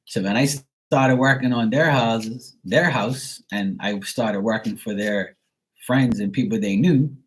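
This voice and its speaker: A middle-aged man giving a tarot reading on a live stream, talking in a blunt, rambling way with many fillers. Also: lowish voice. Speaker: tarot reader and livestream host. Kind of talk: casual live-stream chat.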